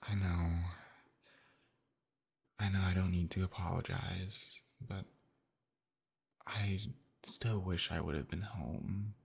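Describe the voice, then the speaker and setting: A man in a soothing, whispered role-play as a comforting boyfriend, slipping into unvoiced whispers. His voice sits very low with a gravelly edge. He speaks slowly, with a breathy, husky texture. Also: fairly even intonation. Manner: soothing, gentle, reassuring; soft, partly unvoiced whispering.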